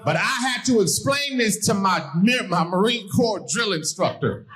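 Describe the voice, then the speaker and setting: A middle-aged man from Hawaii performing animated stand-up on a comedy stage, shouting his punchlines. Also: sits high, a little slow. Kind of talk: stand-up routine. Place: comedy stage before a live audience. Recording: live show with loud crowd.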